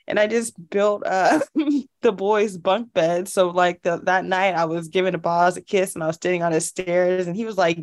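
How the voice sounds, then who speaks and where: A woman's voice: mid-range voice, moderate pace. A woman co-hosting a podcast in casual chat, still getting over a cough, giggly and playful. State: has a cough. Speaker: podcast co-host.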